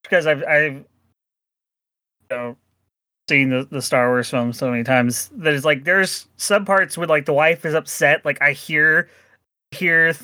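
A man's voice: fairly high pitch, fairly even intonation, a little slow, pauses often, sharp tone, dry recording. A man chatting casually as a podcast co-host, rambling with many restarts and frequent laughs. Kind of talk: casual chat.

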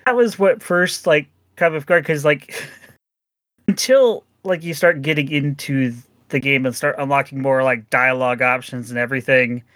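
A man's voice: mid-range voice, normal speed, a bit bright, no room sound. A man chatting casually as a podcast co-host, rambling with many restarts and frequent laughs. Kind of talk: casual chat.

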